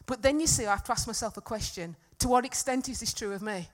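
A woman preaching a sermon to a congregation, earnest and emphatic, swinging from loud peaks to soft, quiet stretches. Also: a little high, quick pace. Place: church hall with congregation.

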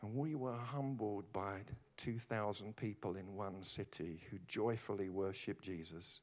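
A man preaching a humorous sermon, telling stories with animated delivery and quick asides. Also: fairly low pitch.

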